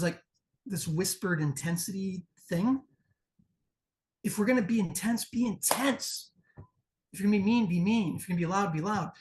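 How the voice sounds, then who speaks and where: Judging a promo competition, a Midwestern American man gives wrestling promos a frank, foul-mouthed critique and imitates the crowd's chants. His voice sits on the high side, with slight background noise in the recording.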